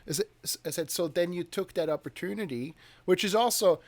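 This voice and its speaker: A man hosting an interview, talking casually and encouragingly, with hesitant pauses and fillers. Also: sits high. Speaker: interview host.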